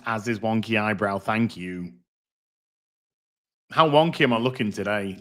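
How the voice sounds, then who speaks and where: A man's voice: on the low side, lively intonation, a little slow, pauses often, a bit bright. A middle-aged man hosting a casual livestream, rambling, reading out donations and swearing freely. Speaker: livestream host.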